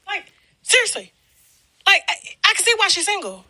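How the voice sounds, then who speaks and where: A woman gossip blogger rants straight to her audience, blunt and profane, slipping in quick impressions of the people she talks about. Her voice sits very high and cuts through sharply, and the sound is close and dry with no room around it. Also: very animated, pushed and bright, dry recording. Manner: blunt, brash and heavily profane, acting out others' lines. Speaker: celebrity gossip blogger and channel host. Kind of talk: casual profane rant to camera.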